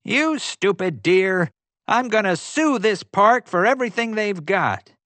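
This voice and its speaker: A loud, whiny middle-aged tourist, put on by a man reading the story, ranting indignantly in a strained high voice with big swings in pitch. The sound is close and dry. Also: huge pitch swings, normal speed, no echo. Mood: wailing.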